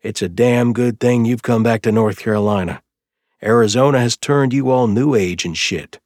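A man's voice: normal speed, a little mellow, dry recording, clean studio sound, lightly acted. A man voicing a glum, defensive young man who grumbles and sputters back at his brother. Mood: grumbling. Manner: sulky and sputtering, voice pushed higher.

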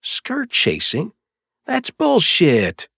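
A man's voice: animated, measured pace, breathy edge, no echo, clean studio sound, exaggerated voice. A man voicing a glum, defensive young man who grumbles and sputters back at his brother. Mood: grumbling. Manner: sulky and sputtering, voice pushed higher.

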